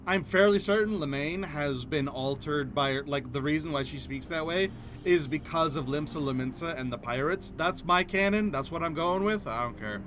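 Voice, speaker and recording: A man's voice: a little high, normal speed, a bit bright, soft background music. A man streaming a game, chatting playfully and reacting aloud as he plays. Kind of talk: casual chat while playing.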